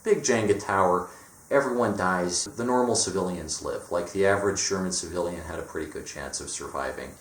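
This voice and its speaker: A man's voice: deep voice, a little fast. A young man in a casual, profane monologue, blunt and mocking, often slipping into sarcastic quoted voices. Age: young adult. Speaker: vlogger. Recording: echoey room.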